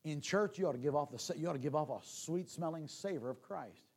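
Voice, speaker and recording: A man preaching a sermon, swinging from loud calls to hushed near-whispers and repeating phrases as he builds. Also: fairly high pitch, expressive, fast talker, breathy edge. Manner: repeats and restarts phrases, folksy asides.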